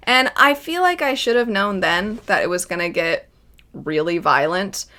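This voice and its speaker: A young adult woman giving casual, enthusiastic first-impressions commentary on an anime, chatty and quick to laugh. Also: medium pitch, animated, sharp tone. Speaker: anime reaction vlogger.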